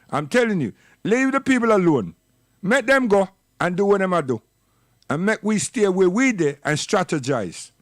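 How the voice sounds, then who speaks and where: A man's voice: high-pitched, fairly bright tone, dry recording, studio quality. A man giving a rambling, scolding, impassioned livestream monologue. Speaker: livestream commentator.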